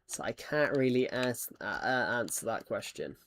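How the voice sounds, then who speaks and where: Male streamer, casual rambling chat, mid-pitched, restarts often. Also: animated, normal speed, a bit bright, slight background noise. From United Kingdom. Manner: rambling, many false starts and restarts. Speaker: Minecraft streamer. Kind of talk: casual chat while gaming.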